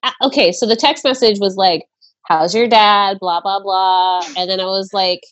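A woman's voice: mid-range voice, fairly even intonation, moderate pace, dry recording. A young adult woman co-hosting a casual chat, chatty, crude and often laughing.

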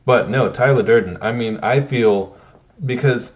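A man's voice: mid-range voice, unhurried. A man co-hosting a casual chat about films, rambling with many fillers and restarts. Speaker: podcast co-host.

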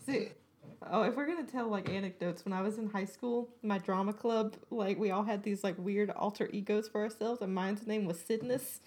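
A woman's voice: mid-range voice, normal speed, darkish tone, husky. A woman guest, a streamer, chatting casually with lots of giggles. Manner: giggly, bubbly. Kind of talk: casual chat.

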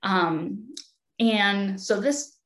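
A woman from Wisconsin with a Midwestern accent, a podcast guest explaining her research in a relaxed way with frequent ums. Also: mid-range voice, drawn-out words. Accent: Midwestern American. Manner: easygoing, frequent ums and restarts. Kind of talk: casual interview talk.

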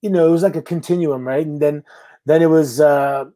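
A middle-aged Canadian pro wrestler, appearing as a guest in a casual interview, tells stories and acts out the lines people said to him. His voice is mellow and on the high side, with fairly even intonation and a slightly fast pace.

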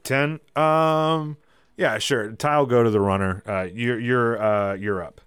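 A man running a tabletop game as game master, his narration loose and full of fillers and chuckles. His voice is crisp and resonant, recorded dry and close. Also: medium pitch, fairly even intonation, measured pace, fairly bright tone, no room sound, faint music behind. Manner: rambling, many fillers, laughing asides.

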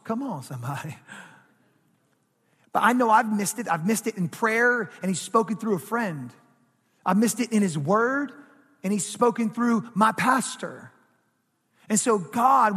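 A man preaching a sermon as pastor, animated and full of asides to the congregation. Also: high voice, husky, in a large hall.

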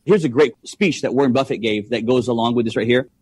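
A man's voice: mid-range voice, fast talker, slightly rough. A man talking money on a podcast, emphatic, full of rhetorical questions. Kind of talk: casual podcast chat.

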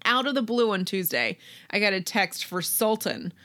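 A woman's voice: medium pitch, sing-song, moderate pace, sharp tone. A woman co-hosting a podcast in casual chat, laughing often and talking with lots of fillers. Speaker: podcast co-host.

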